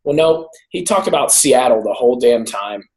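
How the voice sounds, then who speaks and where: A man's voice: mid-range voice, lively intonation, moderate pace, darkish tone. A man co-hosting a podcast in casual chat, rambling through stories and laughing often. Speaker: podcast co-host; teacher. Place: lives in San Jose.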